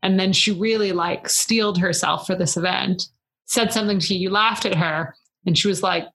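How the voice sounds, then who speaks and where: Bright-voiced woman co-host. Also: mid-range voice, fairly even intonation, moderate pace. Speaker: podcast co-host. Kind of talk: casual chat.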